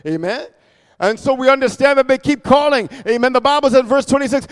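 Man, preacher, sermon, very high voice, sing-song cadence, shouted asides. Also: fast talker, smooth, big-room sound.

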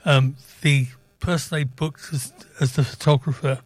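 A man's voice: on the high side, steady tone, moderate pace, no echo, faint music behind. An older man co-presenting a radio show, telling easygoing stories. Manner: easygoing storyteller. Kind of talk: casual radio banter.

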